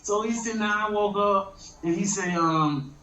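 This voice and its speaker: Man, high voice, rambling storyteller who laughs a lot; roomy, dull lo-fi recording. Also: measured pace, bright, forceful tone. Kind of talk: casual storytelling. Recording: roomy, dull lo-fi sound with faint noise.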